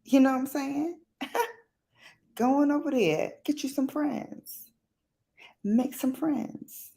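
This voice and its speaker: A woman hosting a casual late-night livestream, chatting playfully with viewers in a slangy, animated way and acting out quotes. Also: medium pitch, measured pace, gravelly, long pauses. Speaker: livestream host.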